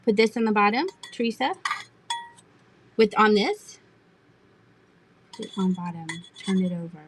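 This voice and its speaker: A middle-aged woman sells vintage pieces on a live stream, with a voice pitched in the ordinary middle. She chats casually and giggles, answering viewers in the chat as she goes. A faint hiss sits under her voice. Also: unhurried. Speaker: live-stream auction seller.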